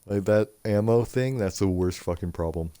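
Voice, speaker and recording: A man's voice: on the low side, moderate pace, warm tone, no room sound. A man streaming a video game, chatting casually and rambling with lots of swearing. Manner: profane, rambling, laughs at himself. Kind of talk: casual live-stream chat.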